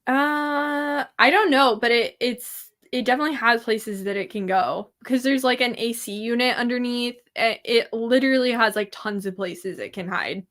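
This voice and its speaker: A woman's voice: on the high side, moderate pace, few pauses, fairly bright tone. A young woman from California, a guest in a casual chat who exaggerates everything for comic effect. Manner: dramatic, playfully exaggerated.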